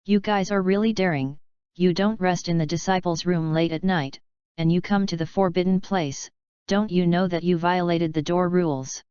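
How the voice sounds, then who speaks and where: A woman's voice: lowish voice, fairly even intonation, normal speed, a little mellow, smooth, no echo, natural voice. A woman reading the lines of a stern, formal female sword disciple. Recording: slightly dull lo-fi recording.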